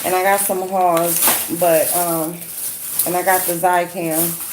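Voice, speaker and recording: Woman, hoarse from a cold, casual chatty gossip, faint hiss behind her. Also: on the low side, little pitch movement, takes it slowly. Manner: greets viewers by name, chatty gossip with Southern slang. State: sick, hoarse voice with a runny nose. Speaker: YouTube commentary host. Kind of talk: casual livestream chat while doing makeup.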